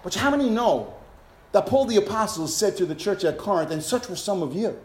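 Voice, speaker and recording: A high-pitched man preaching a sermon in an echoey room, his voice ringing off the walls. He moves between calm teaching and fervent, shouted exhortation to his congregation. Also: a little fast. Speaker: pastor.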